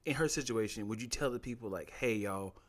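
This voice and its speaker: A man's voice: mid-range voice, fast talker. Laid-back man co-hosting a podcast. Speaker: podcast co-host. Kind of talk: casual chat.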